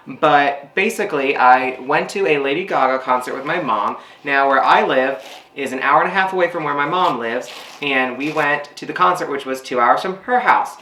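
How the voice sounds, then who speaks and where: A man's voice: fairly high pitch, bright, forceful tone, roomy sound. A man telling a story in a casual, rambling way while he does his skincare routine. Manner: rambling, filler-heavy chat. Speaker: beauty vlogger.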